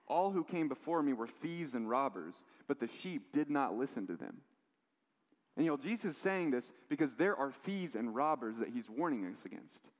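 A man preaching a sermon, telling stories in a lively way with quoted voices and asides. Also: mid-range voice. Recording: long hall reverb.

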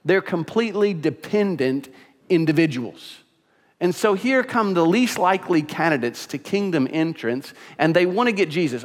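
A pastor preaching a sermon with earnest delivery that rises into emphatic, repeated phrases. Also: male voice, on the high side, expressive, moderate pace. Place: church sanctuary. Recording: long reverb in a church hall.

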